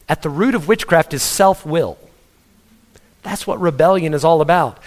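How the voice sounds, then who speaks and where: A man's voice: on the high side, normal speed, darkish tone. A man, a pastor, preaching a sermon in an emphatic way, asking the congregation questions and often repeating words as he presses his point.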